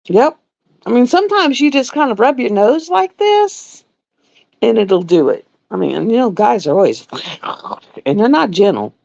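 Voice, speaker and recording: A woman's voice: a little high, sing-song, a little slow, vocal fry, a little mellow, no room sound. A middle-aged woman, a nurse, chatting bluntly and with exasperation on a casual live stream. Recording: dull lo-fi dry live-stream audio.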